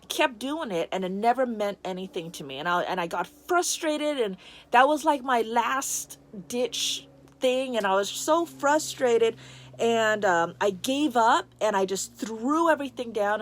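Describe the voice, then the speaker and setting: A woman's voice: mid-range voice, dry recording. A woman candidly telling a personal story to the camera, emotional and close to tears, with many restarts and fillers.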